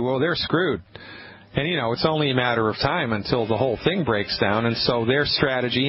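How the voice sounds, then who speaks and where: A man hosting a radio call-in show, talking casually and emphatically, often restarting his sentences. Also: medium pitch. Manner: emphatic, rambling, with frequent restarts. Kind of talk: casual call-in advice talk. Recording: muffled lo-fi radio broadcast with faint hiss.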